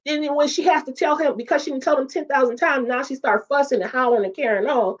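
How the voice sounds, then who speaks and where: A woman's voice: sits high, fast, lo-fi sound. A woman hosting a casual livestream about sitcoms, chatting straight to viewers. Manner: animated, chatty, talks straight to viewers with "y'all" and "child". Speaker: host of a sitcom talk show.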